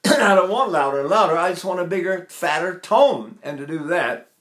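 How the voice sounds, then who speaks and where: A man's voice: sits high, animated, normal speed, a bit bright. A man in his eighties, a voice teacher, chatting casually as he demonstrates breathing exercises and talks while holding his breath. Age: 80s.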